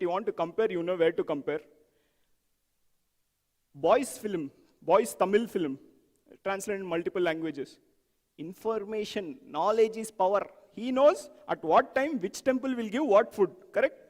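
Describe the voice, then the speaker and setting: Animated man speaking in a hall. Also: sits high, moderate pace. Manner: animated, acts out examples, asks audience questions. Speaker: software testing speaker. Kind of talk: conference talk.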